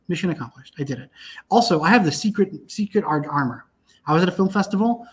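A man's voice: high-pitched, animated, a little fast. Fired-up, profane man telling stories. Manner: profane, emphatic storytelling with frequent restarts. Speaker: filmmaker guest. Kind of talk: animated casual podcast conversation.

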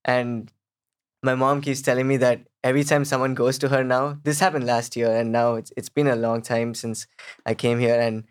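A young man, a guest, telling a personal story in casual chat, animated and quoting others as he goes. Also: medium pitch, moderate pace, clean tone. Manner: animated, quotes others in acted voices.

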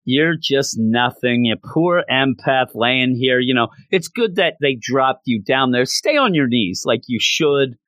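A man's voice: medium pitch, lively intonation, a little slow, few pauses, fairly bright tone, dry recording. Man reading as a gloating mutant-hating bigot. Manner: gloating, mocking.

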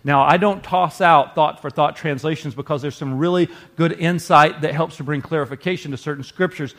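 A man preaching a sermon to his congregation in a conversational, earnest way. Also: medium pitch. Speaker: pastor.

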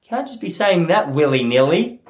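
A man in his thirties hosting a solo comedy podcast, rambling in a self-mocking way and slipping into quick character voices. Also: fairly high pitch, sing-song. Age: 30s.

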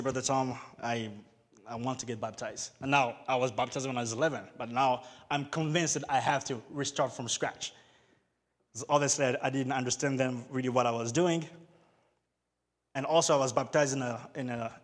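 A man preaching a sermon at a youth service, moving between hushed storytelling and loud exhortation. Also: on the high side, in a large hall.

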